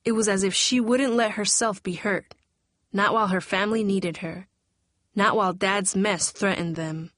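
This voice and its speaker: Audiobook narrator, woman, steady and even; dead-dry close studio read. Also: mid-range voice, normal speed, dry recording. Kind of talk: scripted storybook narration.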